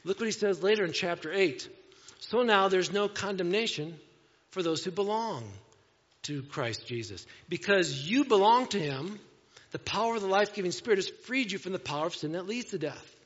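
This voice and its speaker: A man preaching to his congregation in a loose, conversational way, mixing scripture reading with asides that poke fun at himself. His voice sits a bit high for a man. The sound is a little dull and carries a long church-hall reverb. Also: animated, normal speed, a bit bright. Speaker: pastor. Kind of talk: sermon. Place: church sanctuary.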